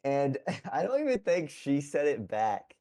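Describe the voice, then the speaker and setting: A man hosting a casual podcast, relaxed, asking questions and laughing easily. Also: on the high side, measured pace. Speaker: podcast host.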